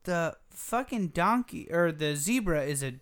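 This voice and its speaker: Unhurried and fairly high-pitched, the man co-hosting this gaming podcast works through a long story in casual talk. He swears a lot and acts out the quoted bits along the way.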